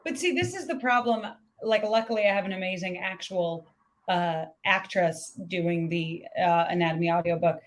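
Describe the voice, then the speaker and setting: A woman's voice: lowish voice, moderate pace. Female author guest, chatty, self-mocking, heard over a video call. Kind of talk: casual chat.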